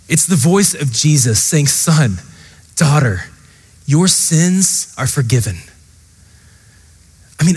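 In a large hall, a man with a fairly high, slightly rough voice preaches as pastor. His sermon is earnest and impassioned, addressed straight to the congregation again and again.

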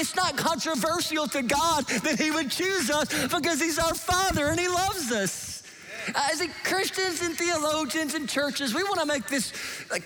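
A male preacher delivering a sermon, animated and emphatic, dropping now and then into soft, hushed asides. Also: extremely high pitch, a little hiss or hum.

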